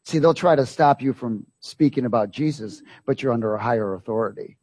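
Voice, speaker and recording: A man's voice: medium pitch, brisk, a little mellow, husky, dry recording. A man preaching a sermon, emphatic, repeating phrases and asking the congregation rhetorical questions.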